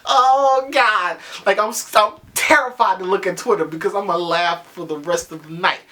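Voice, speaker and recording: Excitable, foul-mouthed man with a bright voice. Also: high-pitched, a little fast. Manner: excitable, profane, acts out reactions. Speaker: TV episode reviewer. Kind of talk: casual video review monologue.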